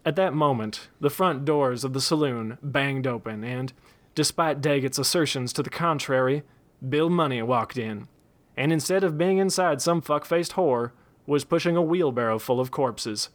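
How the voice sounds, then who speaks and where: A man reading a western story aloud in a relaxed storytelling manner. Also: medium pitch, moderate pace.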